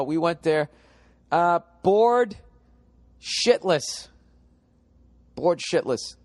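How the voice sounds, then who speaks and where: A man's voice: a little high, dry recording. A middle-aged man with a Boston accent doing a profane, exasperated stand-up rant. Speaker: stand-up comedian. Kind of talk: stand-up comedy set.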